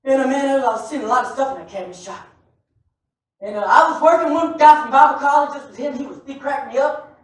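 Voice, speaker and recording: A man preaching a sermon to a congregation, animated and often shouting, with joking asides. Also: very high-pitched, fast talker. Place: church sanctuary. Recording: echoey church from far off.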